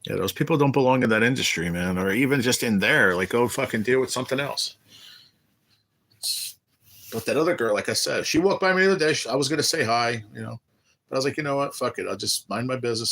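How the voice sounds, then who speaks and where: A middle-aged man hosts a casual livestream on a phone or webcam mic, his mid-range voice brisk, expressive and a bit bright. He's sick and going through cancer treatment, yet he tells blunt, profane stories and reads chat aloud.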